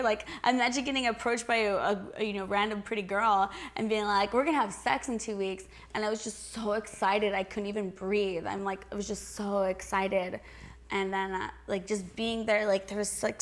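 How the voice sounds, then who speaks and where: A woman's voice: mid-range voice, steady tone, moderate pace. A young adult woman answering interview questions in a chatty, giggly way, full of "like" and restarts. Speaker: interview guest.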